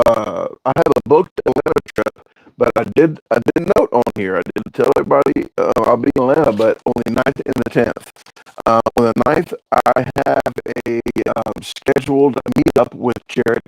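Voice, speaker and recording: Gravelly-voiced man chatting on a livestream. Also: medium pitch, moderate pace, darkish tone, no room sound, rough recording. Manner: rambling, jokey, reads viewer comments aloud. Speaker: livestream host reading chat. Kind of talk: casual livestream chat.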